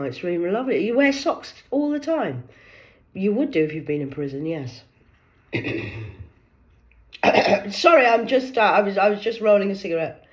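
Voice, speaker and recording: A woman's voice: mid-range voice, big pitch swings, a little slow, long pauses. County durham woman telling a sarcastic story, swears a lot, voice jumps up and down all over. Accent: County Durham English. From north of England. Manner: mocking, swears freely, acts out both sides of phone calls. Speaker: social media creator.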